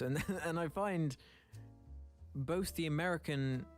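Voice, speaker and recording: A man's voice: a little high, slow pace, faint music behind. A man with an English accent telling a casual story about his voice-acting work. He mocks himself, laughs often and stumbles through restarts. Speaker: YouTuber and voice actor.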